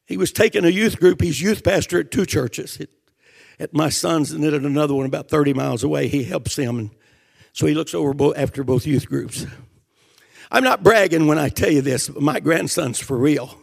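An older man preaching a fervent sermon, emotional, swinging from shouted passages to quiet storytelling. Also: a little high, fairly quick, vocal fry.

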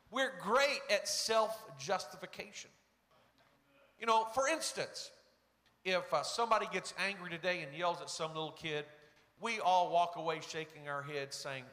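High, bright-voiced preacher in a reverberant hall. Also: male voice, measured pace. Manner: earnest storytelling, quotes people in varied voices. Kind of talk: sermon. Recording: long reverb of a large hall.

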